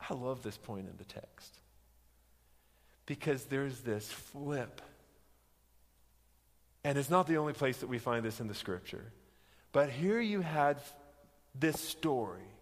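Animated male preacher in a reverberant hall. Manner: animated storytelling, acting out quoted lines with rising pitch; frequent restarts, slows down for emphasis. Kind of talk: sermon. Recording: long reverb of a large hall.

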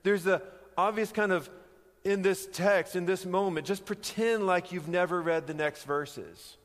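Male preacher, slightly raised pitch, unhurried emphatic teaching, long hall reverb. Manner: conversational teaching, rhetorical questions, emphatic. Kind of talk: sermon.

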